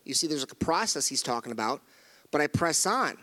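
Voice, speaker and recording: A man's voice: fairly high pitch, sing-song, fairly quick, sharp tone, long reverb tail. A middle-aged male pastor preaching a sermon, earnest and emphatic, often repeating phrases and restarting his sentences. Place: church sanctuary.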